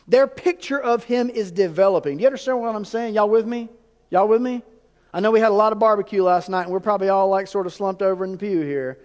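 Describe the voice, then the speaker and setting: A man preaching a sermon in a church, animated and full of rhetorical questions to the congregation. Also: sits high, fast, hardly any pauses, big-room sound. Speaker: pastor. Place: church sanctuary.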